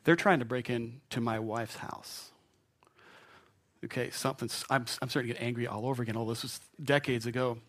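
Middle-aged male pastor, storytelling sermon, animated and self-deprecating, middle pitch. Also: brisk. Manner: animated, self-mocking, chuckles through his story.

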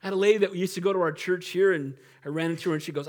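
A middle-aged male pastor preaches in a high, racing voice with a darkish tone. His sermon is conversational and humorous, and he often laughs and asks for an amen.

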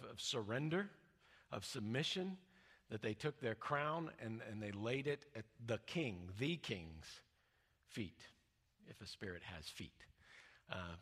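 A male preacher teaching a sermon in an easy, conversational way, full of fillers and restarts, and dropping soft and low when he quotes scripture. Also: slightly rough, long reverb tail.

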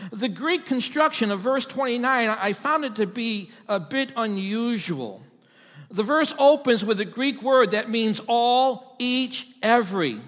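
A man preaching a sermon to his congregation, delivering it with emphasis and sometimes building to shouted call-and-response. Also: very high-pitched, big-room sound. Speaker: pastor.

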